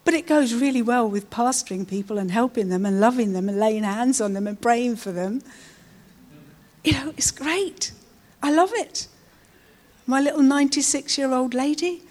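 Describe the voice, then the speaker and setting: A woman's voice: high voice, a little mellow. Chatty woman preaching. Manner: chatty, with tag questions. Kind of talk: informal sermon.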